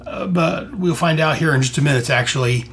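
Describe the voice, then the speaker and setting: Here the American comics podcaster sounds a little high and gravelly, slightly bright, and fairly quick. He works through a comic solo with casual enthusiasm, full of rambling and restarts, over slight background noise.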